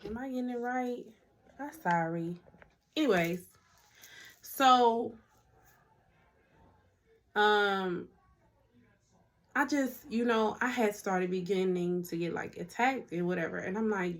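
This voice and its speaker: A woman's voice: medium pitch, slow, pauses often. Chatty emotional woman vlogger. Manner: chatty and heartfelt, addresses viewers as y'all. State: emotional, near tears at times. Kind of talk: casual faith testimony to camera.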